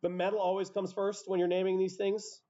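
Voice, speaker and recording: A man lectures a class on chemistry, walking through each rule step by step and dropping casual asides. His voice sits a little high but sounds mellow and soft-edged. The recording is muffled and lo-fi, as if captured in a classroom. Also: completely flat delivery, fairly quick. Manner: explains step by step, self-interrupting asides. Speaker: high school chemistry teacher.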